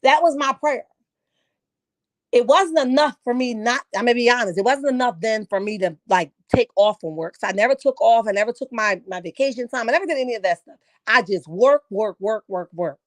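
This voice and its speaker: A woman's voice: fairly high pitch, brisk, dry recording. A woman giving blunt, opinionated commentary on a reality show, preachy and casual.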